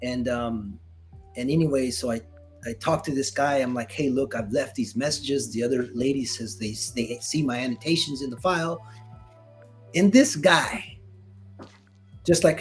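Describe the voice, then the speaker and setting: A middle-aged man, a retired Marine veteran, telling a story in casual conversation, animated and acting out dialogue with many restarts. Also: mid-range voice, moderate pace, soft background music.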